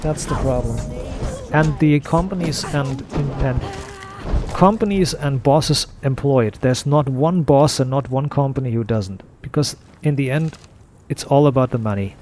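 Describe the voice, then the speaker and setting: A man's voice: mid-range voice, a little slow, darkish tone, faint music behind. A man making a gaming video who goes on a frustrated, profane rant, repeating himself as he talks. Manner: frustrated, profane, repetitive ranting. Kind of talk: off-topic rant over gameplay.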